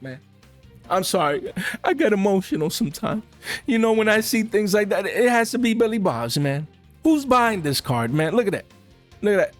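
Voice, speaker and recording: With a high-pitched voice, a man animatedly and casually breaks down the card market for his audience. Slang runs throughout, along with frequent asides to "guys."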